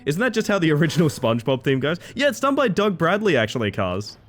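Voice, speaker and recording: Animated, playful male game streamer. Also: on the high side, quick pace, soft background music. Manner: playful, rambling, riffs on viewers' comments. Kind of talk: casual live-stream chat while playing.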